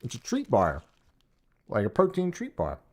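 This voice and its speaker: A man's voice: mid-range voice, wildly swooping pitch, moderate pace, a little mellow. A man hosting a casual gaming podcast, talking in a rambling, self-interrupting, joking way. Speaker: podcast host.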